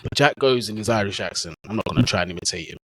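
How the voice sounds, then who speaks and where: A man's voice: on the low side, racing, a bit bright, no room sound, low-quality recording. Laid-back man telling stories. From England. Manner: easygoing, slang-heavy storyteller. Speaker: guest, football content creator. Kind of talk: casual storytelling interview.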